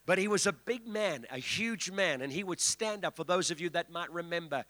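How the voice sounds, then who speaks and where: Man, guest preacher, sermon, bright tense voice, reverberant church hall. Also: high voice, normal speed. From South Africa. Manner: declamatory, calls for congregation response. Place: church sanctuary.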